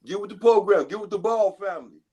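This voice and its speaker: A man with a notably high voice, joining remotely over a call. He heckles and teases over and over in casual trash-talking banter, pushing the same jab again and again. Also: fast talker, mellow, husky. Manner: teasing, repetitive heckling. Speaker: call-in guest.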